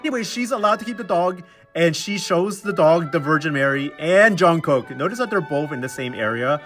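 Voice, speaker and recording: Young male comedic recapper, slightly high voice, sarcastic slang delivery, faint music behind. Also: fairly quick. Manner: slangy, sarcastic, animated storytelling with mocking quoted voices. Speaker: recap commentator.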